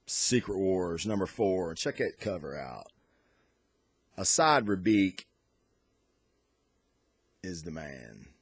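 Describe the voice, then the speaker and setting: Enthusiastic low-voiced man reviewing comics. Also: sing-song, slow, pauses often, husky, no echo. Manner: enthusiastic, rambling with frequent restarts and fillers. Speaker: podcast host. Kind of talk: casual comic book review.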